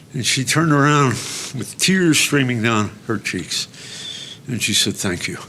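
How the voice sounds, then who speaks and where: A guest lecturer in a lecture hall speaks in a bright, forceful, medium-pitched voice over slight background noise. He tells personal stories chattily and self-mockingly, with asides and restarts, drawing laughs.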